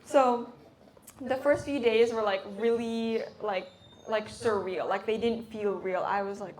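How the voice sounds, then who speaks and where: A teenage American exchange student tells her story in a casual hosted chat, using lots of fillers and acting out her own reactions. Her voice is a little high and moderately paced, with a slight hiss or hum in the audio.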